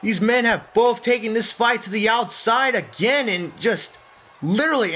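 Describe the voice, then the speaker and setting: A man doing excited play-by-play wrestling commentary, breaking into shouts of surprise and calling his listeners folks. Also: extremely high pitch, normal speed. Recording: dull lo-fi recording with faint noise.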